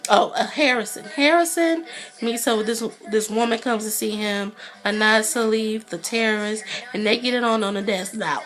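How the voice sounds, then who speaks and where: A woman's voice: on the high side, moderate pace, a bit bright. A congested woman giving a chatty TV episode review, leaning on "you know" fillers. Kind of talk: casual vlog recap.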